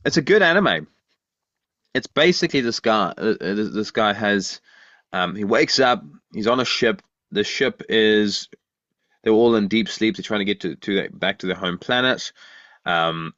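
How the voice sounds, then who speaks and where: A man's voice: fairly low pitch, fairly bright tone, dry recording, lo-fi sound. A man co-hosting a podcast in casual chat, rambling and asking lots of questions. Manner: rambling, restarts often, asks questions. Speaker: podcast co-host.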